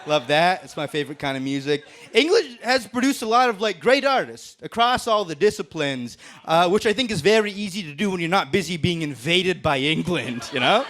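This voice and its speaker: A man's voice: high voice, lively intonation, a little fast, few pauses, fairly bright tone. A man doing a crude, brash roast-battle stand-up set on stage. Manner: brash, crude punchlines with laughs. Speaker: stand-up comedian. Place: comedy stage before a live audience.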